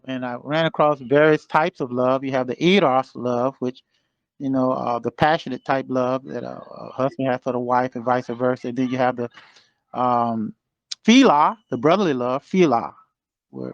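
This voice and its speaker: A man in his sixties giving a motivational exhortation over a remote call, halting with many fillers and building to fervent emphasis. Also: mid-range voice, no echo, dull audio. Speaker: guest speaker. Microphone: remote call connection.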